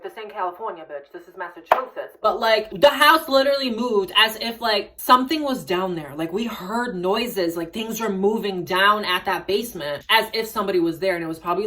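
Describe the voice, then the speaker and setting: A woman's voice: mid-range voice, fairly bright tone. Young woman, vlogger, swears a lot, dramatic storytelling, a bit far from the mic. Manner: profane, dramatic, chatty storytelling. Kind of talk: casual storytelling vlog. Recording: voice somewhat distant from mic.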